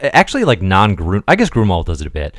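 Deep voiced guy chatting easy on a podcast, dry close sound. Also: huge pitch swings, fast, no room sound. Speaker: podcast co-host. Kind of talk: casual chat.

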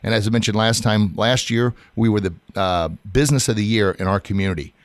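Earnest storytelling man, low voice. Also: brisk, clean tone, no echo. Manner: earnest storytelling, laughs often. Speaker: podcast host, martial arts school owner. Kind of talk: casual conversation.

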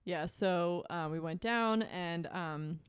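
A young woman co-hosting a casual podcast and telling a long personal story. She talks chattily, with frequent laughter and lots of "like" fillers, in a lowish voice. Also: slow pace, smooth. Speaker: podcast co-host.

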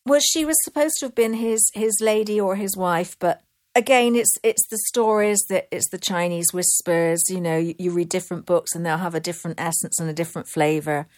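A woman from Bristol with a Bristol accent, a poet telling local legends as an interview guest, talking quickly and chattily. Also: lowish voice, darkish tone. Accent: Bristol English. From Bristol, England. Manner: quick, chatty, laughs easily. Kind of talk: casual storytelling chat.

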